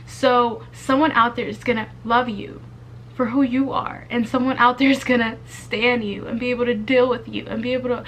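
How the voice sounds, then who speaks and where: A woman's voice: fairly high pitch, flat delivery, normal speed, a bit bright, a little hiss or hum. A young woman in college giving casual, earnest advice to her viewers, chatty with lots of fillers. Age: young adult. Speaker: vlogger. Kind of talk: casual heartfelt advice to camera.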